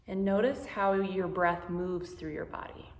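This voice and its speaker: A woman guiding a meditation, speaking slowly and gently with soothing instructions. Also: on the low side, steady tone, roomy sound. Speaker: meditation guide. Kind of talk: guided meditation.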